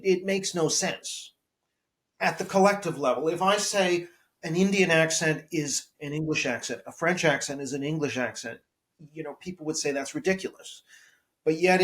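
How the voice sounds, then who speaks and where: A man speaking as a professor guest on a podcast interview, arguing in a measured, analytical way and often repeating words as he builds a point. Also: a little high.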